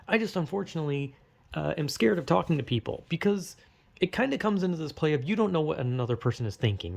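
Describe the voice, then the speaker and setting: A man's voice: medium pitch, vocal fry, a little mellow. A young man rambling in a casual, self-conscious monologue, swearing as he goes. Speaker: vlogger.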